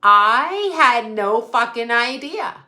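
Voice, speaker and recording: A woman's voice: a little high, animated, slow, pushed and bright. A woman hosting a casual livestream, chatting straight to her viewers in a rambling, profane way. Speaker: psychic medium livestream host.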